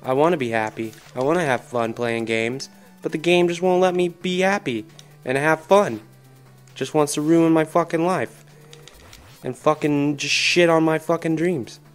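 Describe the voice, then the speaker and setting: A man's voice: fairly high pitch, normal speed, soft background music. A man commenting on his own video game play, swearing heavily and ranting in frustration. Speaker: gaming commentator. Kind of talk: angry let's-play commentary.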